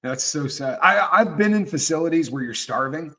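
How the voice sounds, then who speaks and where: A man hosting a loose, unscripted morning talk show, with a slightly high voice for a man. He tells stories with many restarts and acts out what people said. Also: lively intonation, normal speed, fairly bright tone. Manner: storytelling with acted-out quotes and frequent restarts. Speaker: host. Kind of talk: casual live talk show chat.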